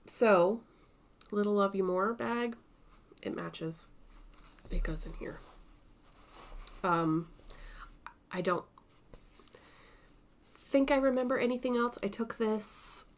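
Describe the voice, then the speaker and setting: A female vlogger at medium pitch casually presents her stitching, chatting without hurry. Now and then she adds soft side comments.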